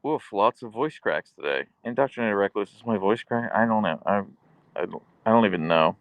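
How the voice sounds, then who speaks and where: A man's voice: fairly low pitch, lively intonation, fairly quick, dry recording. A man hosting a casual live stream, chatting easily as he answers viewers' questions. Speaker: livestream host reading chat.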